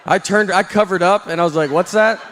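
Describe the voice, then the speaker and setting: A man on stage doing stand-up, with a slightly high voice. He tells his stories in a dry, deadpan, self-mocking way. A faint hum of live ambience sits behind him. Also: fast talker, in a large hall. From Southern United States. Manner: deadpan storytelling with self-deprecating asides. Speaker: stand-up comedian. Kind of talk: stand-up comedy set.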